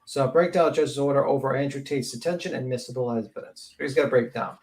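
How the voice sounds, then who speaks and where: A man's voice: medium pitch, brisk, darkish tone. A man co-hosting a casual podcast, talking hesitantly with lots of fillers. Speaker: podcast co-host. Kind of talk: casual chat.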